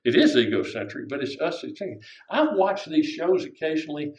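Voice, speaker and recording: A man's voice: fairly high pitch, big pitch swings, moderate pace, a little mellow, highs cut off. An older man preaching a conversational sermon, often asking his congregation questions. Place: church sanctuary. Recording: echoey room.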